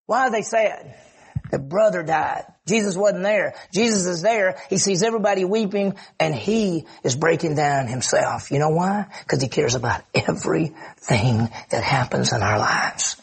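A man's voice: a little high, lively intonation, moderate pace, gravelly, breathy edge. A middle-aged man, preaching a sermon as a pastor in an earnest way. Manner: earnest, shifts into acted quotes.

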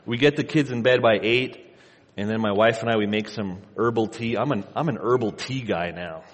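Young pastor storytelling in a reverberant hall. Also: male voice, on the low side, normal speed. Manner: conversational storytelling, repeats words. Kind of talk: sermon. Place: church sanctuary.

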